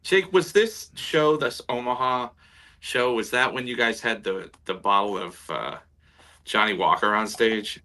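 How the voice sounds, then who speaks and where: A man's voice: mid-range voice, unhurried, sharp tone. A man hosting a casual online show, reading out viewer comments and asking the guest questions over a video call. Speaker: show host. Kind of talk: casual chat.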